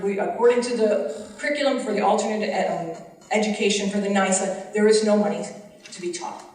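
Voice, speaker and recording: A woman's voice: mid-range voice, a little mellow. A middle-aged woman with a Western New York accent, a teacher giving earnest public testimony at a hearing. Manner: earnest, pleading, voice rising with emotion. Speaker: special education teacher testifying. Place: large hall, heard from a distance. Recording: echoey hall, mic far off.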